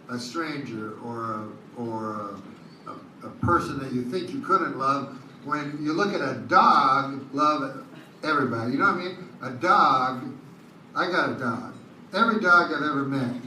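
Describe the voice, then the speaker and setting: A man doing a stand-up routine in a casino theater, deadpan, rambling and profane. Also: a little high, noisy background. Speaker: stand-up comedian. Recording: echoey live room heard from far off, loud audience.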